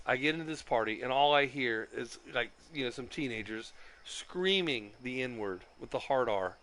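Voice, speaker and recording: A man's voice: medium pitch, animated, moderate pace, a bit bright, slight background noise. A man telling a story about getting banned from an online game, swearing constantly and complaining in an agitated way. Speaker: streamer. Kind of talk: profane ranting storytelling.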